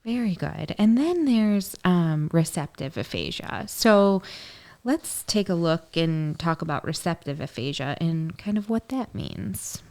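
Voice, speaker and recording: A woman's voice: fairly low pitch, lively intonation, unhurried, darkish tone. A woman hosting a podcast interview, asking friendly prompting questions of her guests. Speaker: podcast host.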